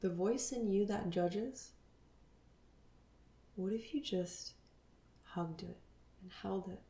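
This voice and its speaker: A woman in her thirties hosting a spiritual podcast, talking earnestly and dropping into soft whispers. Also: mid-range voice, slow pace, echoey room. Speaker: podcast host.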